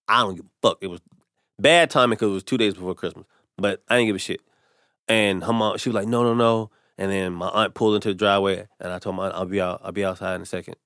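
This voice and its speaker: A man with a fairly low voice tells a personal story in a relaxed podcast chat. He slips into the voices of the people he quotes. The sound is dry and close to the mic. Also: fast, no room sound. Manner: animated storyteller acting out quotes. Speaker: comedian guest. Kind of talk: casual storytelling.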